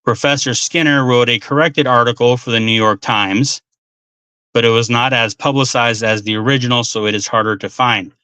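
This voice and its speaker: A man's voice: medium pitch, steady tone, normal speed, bright, forceful tone, clean tone, no room sound. A man hosting a talk show, reading passages aloud and adding casual asides with frequent ums. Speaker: podcast host.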